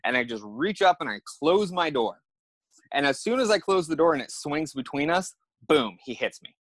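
A man appearing as a podcast guest, telling a personal story in an animated, casual way and acting out the moments he describes. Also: fairly high pitch, normal speed, no echo. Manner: animated, acts out the scenes he describes.

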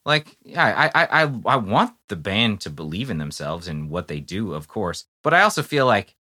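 A man's voice: on the low side, moderate pace. A man co-hosting a podcast, chatting casually and sarcastically, with lots of fillers. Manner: animated, sarcastic, frequent fillers. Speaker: podcast co-host. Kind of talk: casual chat.

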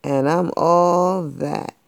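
A parent voicing a smooth-talking male street cat who speaks in slang and wheedles for food. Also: medium pitch, fairly even intonation, very slow.

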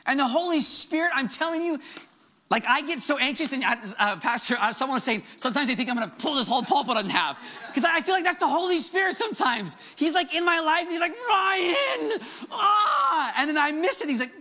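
Fervent, animated male pastor preaching. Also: extremely high pitch, fast. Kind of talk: sermon.

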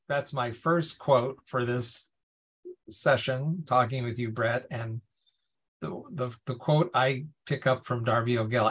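A man co-hosting a podcast, chatting casually about his favorite things. He talks at a medium pitch, laughs easily and often starts his sentences over. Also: fairly bright tone. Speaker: podcast co-host. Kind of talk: casual conversational chat.

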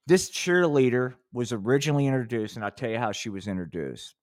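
A man's voice: medium pitch, expressive, fairly quick, few pauses, dry recording, studio quality. A man hosting a live podcast, talking in a rambling, profane way and often restarting his sentences. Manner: rambling, profane, self-interrupting. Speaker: podcast host.

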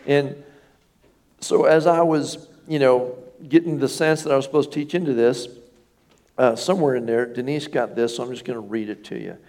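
A middle-aged man delivers a sermon in a relaxed, talking-it-through style. He keeps asking the congregation questions as he goes. His voice has a gravelly, fry-tinged texture at an ordinary pitch. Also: moderate pace. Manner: conversational, asks the congregation questions. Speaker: pastor.

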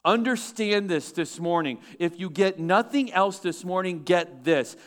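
Male pastor, sermon delivery, higher-pitched voice, animated, shifts between loud and soft. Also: measured pace, hardly any pauses. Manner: animated preaching, swings between loud and hushed.

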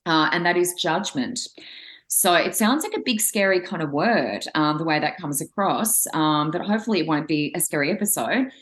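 A woman with a slightly low voice co-hosts a spiritual podcast. She speaks casually and reassuringly, addressing the listener directly, with some ums and uhs along the way. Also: lively intonation, moderate pace, a bit bright. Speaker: podcast co-host, psychic reader. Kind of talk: casual chat.

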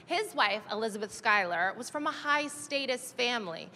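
High-voiced woman stand-up comic, brisk. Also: animated, sharp tone. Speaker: stand-up comedian. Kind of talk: stand-up comedy. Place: live comedy venue. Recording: live venue, long reverb, crowd noise.

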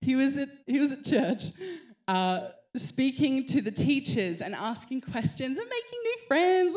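A woman in her thirties preaching a sermon, telling a story with animated acted-out voices. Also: high-pitched, measured pace. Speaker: pastor.

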